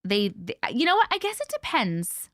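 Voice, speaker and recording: A woman's voice: a little high, moderate pace, dry recording, studio quality. Bubbly, chatty woman livestream host. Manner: chatty and bubbly, casual swearing, frequent laughs; lively, greets viewers by name. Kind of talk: casual live-stream chat, reading viewer comments.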